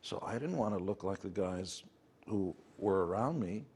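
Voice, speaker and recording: Low husky-voiced middle-aged New York man. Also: expressive, moderate pace, mellow. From United States. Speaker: interview guest, rock musician. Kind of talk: candid conversational storytelling.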